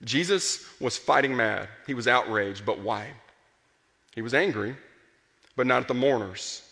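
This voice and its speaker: This man, a pastor, preaches with earnest passion at a measured pace, climbing to strong emphasis before falling silent. His mid-range voice is bright, forceful, and gravelly, ringing with the long reverb of a large hall.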